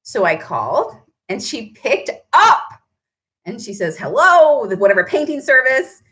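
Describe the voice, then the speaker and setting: A woman's voice: fairly high pitch, very animated, a little slow, bright, forceful tone. A woman who runs a paint shop, chatting on a live stream, answering viewer comments and tagging her points with "right?".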